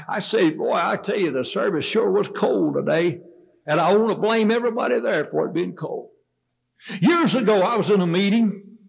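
High-voiced fervent preacher, older. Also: male voice, gravelly, slightly rough. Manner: fervent, rising and falling preaching cadence. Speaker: Baptist preacher. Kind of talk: revival sermon. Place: church sanctuary. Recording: dull lo-fi sermon tape.

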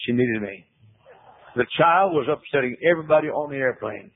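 A man preaching a sermon in a folksy storytelling way, often dropping to low, hushed tones. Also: expressive, a little fast, breathy edge. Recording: tinny phone-like radio broadcast.

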